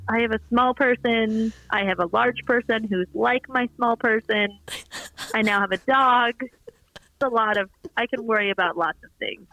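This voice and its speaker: A woman's voice: a little high, moderate pace, no echo. A woman guest on a podcast, chatting casually and acting out quotes as she tells stories over a muffled remote line. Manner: animated storyteller, acts out quotes. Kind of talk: casual chat.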